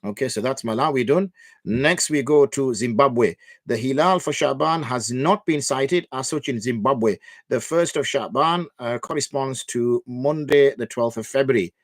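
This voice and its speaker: A man's voice: mid-range voice, normal speed, no echo. Man, livestream host, casual rambling, lots of fillers, dry sound. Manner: loose, thinking aloud with many fillers. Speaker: mufti hosting Q&A.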